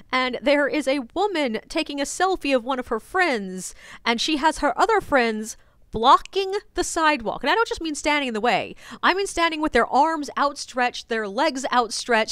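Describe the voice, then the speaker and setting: A woman's voice: high voice, normal speed, dry recording. Chatty, wry woman telling tour stories. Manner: chatty, wry, animated retelling. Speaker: ghost tour guide. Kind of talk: casual storytelling vlog. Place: French Quarter, New Orleans.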